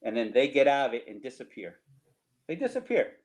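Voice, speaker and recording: A middle-aged man with a New Jersey accent tells tailgating stories over slides in a casual, animated way, often laughing and tagging lines with "right?". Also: medium pitch, a little fast, low-quality recording. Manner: animated, laughing, repeats himself, rhetorical "right?". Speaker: storyteller guest.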